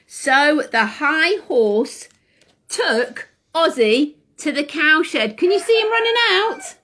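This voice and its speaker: Animated, sing-song woman reading to kids. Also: high voice, takes it slowly. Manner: animated, sing-song, asks children questions. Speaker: children's class leader. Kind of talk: reading a story to young children.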